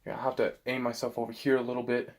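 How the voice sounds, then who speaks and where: A man vlogging casually, excitable and swearing, talking to himself and his dog. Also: medium pitch, rapid-fire, very noisy. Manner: excitable, swears, yelps and shouts at misses. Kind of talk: casual self-talk while filming.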